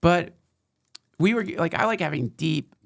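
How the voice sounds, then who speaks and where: Gravelly, excitable podcast host man. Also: unhurried. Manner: rambling, excitable, pitch jumps when animated. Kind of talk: casual chat.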